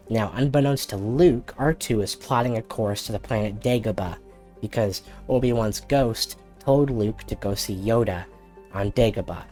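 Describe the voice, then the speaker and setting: A low-voiced man tells a story in a casual, comedic way. He rambles, restarts, and drops in quick impressions. Faint music plays under him. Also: warm tone. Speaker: host.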